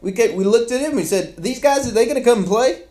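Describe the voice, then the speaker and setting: A man's voice: extremely high pitch, animated, quick pace, warm tone, pitched above the performer's own voice. A man doing a jokey impression of a famous footballer, boastful and repeating himself. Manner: breathless, boastful, repeats "no doubt about it".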